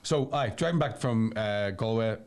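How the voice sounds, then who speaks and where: A man's voice: lowish voice, normal speed, darkish tone. A man with a Northern Irish accent, a comedian co-hosting a podcast, telling a rambling story and checking in with "right?" at every turn; he sounds tired.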